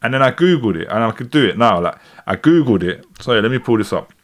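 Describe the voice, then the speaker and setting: A man in his forties with a London accent streams himself reacting to music, his medium-pitched voice fast and expressive. He chats casually and reads viewer comments aloud.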